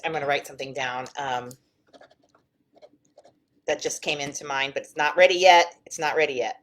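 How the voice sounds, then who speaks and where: A middle-aged woman, a therapist and wellness coach, talking casually to camera in a chatty, rambling way with many fillers and restarts. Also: low-pitched.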